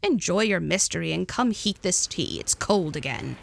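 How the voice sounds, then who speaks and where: A woman voicing a grumpy, practical older woman who grumbles and speaks slowly and dryly in a storybook reading. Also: on the low side, expressive, vocal fry, a little hiss or hum. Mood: scolding. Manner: grumbling, dry, slow.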